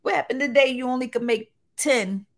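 Expressive woman telling her story candidly. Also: high voice, brisk. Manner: expressive, animated, with colloquial phrasing. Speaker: guest.

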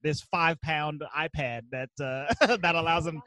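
A co-host on a casual podcast, making quick wry quips while recapping a movie. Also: medium pitch, pushed and bright.

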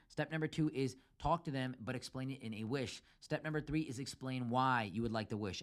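A man hosting a solo podcast, giving relationship advice in numbered steps and acting out quoted arguments in a raised, emphatic voice. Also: medium pitch.

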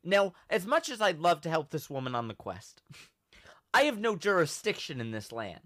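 A young man hosting a podcast, telling a story in a casual, animated way and acting out the quotes. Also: fairly high pitch, moderate pace, dry recording, studio quality. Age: young adult. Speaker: podcast host.

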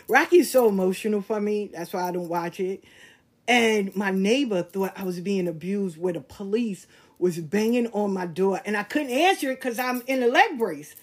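An older woman tells casual, animated stories, blunt, profane and laughing at herself. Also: medium pitch. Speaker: host. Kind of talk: casual storytelling monologue.

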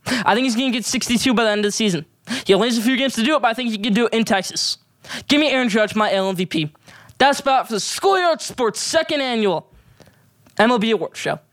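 A man with a notably high voice delivers opinionated sports commentary at a brisk clip. He hammers his picks home with emphatic hot takes. The sound is dry and close, with no room around it. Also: lively intonation, a bit bright, no room sound. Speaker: sports show host.

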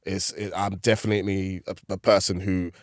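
A comedian chatting casually as a podcast guest, telling animated stories and laughing often. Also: male voice, deep voice, brisk, dry recording, clean studio sound.

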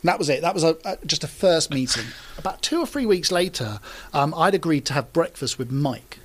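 A man's voice: a little high, lively intonation, fairly quick. A man in his thirties, a TV presenter chatting as an interview guest and telling anecdotes with plenty of fillers. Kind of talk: casual interview storytelling.

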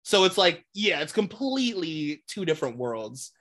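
A woman's voice: lowish voice, big pitch swings, moderate pace, a bit bright. Blunt, swearing woman gossiping. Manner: blunt, swears freely, emphatic and exasperated. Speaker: podcast co-host. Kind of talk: casual chat, gossip about reality TV.

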